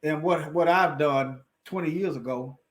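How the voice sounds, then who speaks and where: A man's voice: a little high, a little slow. A man commenting on news articles in a heated, preaching way, firing off rhetorical questions and repeating lines for emphasis.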